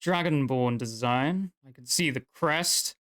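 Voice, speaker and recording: A man's voice: medium pitch, unhurried, a bit bright, close to an everyday voice. A man voicing an elderly, scarred male dwarf blacksmith who speaks bluntly and in clipped phrases while he haggles. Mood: gruff.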